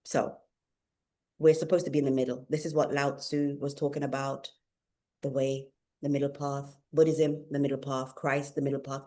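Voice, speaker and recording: Woman spiritual teacher talking it through, soft dark-ish voice, calm, keeps repeating her point. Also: very deep voice, normal speed. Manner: calm, repeats key phrases for emphasis. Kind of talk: explanatory spiritual talk.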